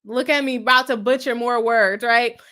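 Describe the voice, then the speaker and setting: Young female lawyer-host, chatty livestream reading comments, bright tone, self-deprecating laughs. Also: a little high, fairly even intonation, normal speed.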